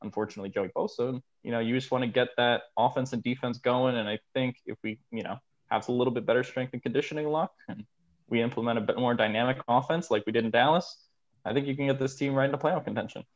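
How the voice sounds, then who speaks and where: A man's voice: medium pitch, fast, lo-fi sound. A man answering hesitantly as a podcast guest, with many fillers.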